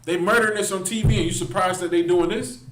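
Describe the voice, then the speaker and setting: A man's voice: sits high, fairly even intonation, quick pace, a bit bright, slight background noise. Impassioned preacher man, echoey. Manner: impassioned, repeats phrases, addresses listeners directly. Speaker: street preacher. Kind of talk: heated preaching to a livestream.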